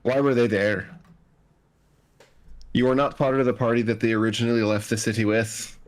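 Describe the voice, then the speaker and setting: A man voicing a gruff male public defender with a put-on brogue, bluntly calling everyone lad. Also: medium pitch, little pitch movement, moderate pace, close to an everyday voice, low-quality recording. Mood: impatient. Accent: put-on Scottish-style brogue.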